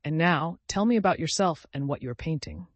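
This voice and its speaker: A man's voice: a little high, lively intonation, moderate pace, dry recording, voice pushed up. A man reading the part of a young man who is cold, bored and self-absorbed, speaking in a languid, dismissive way.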